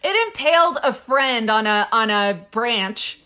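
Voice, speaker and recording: A woman guest expert in casual podcast chat, excitable and quick to laugh and exclaim. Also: a little high, clean tone.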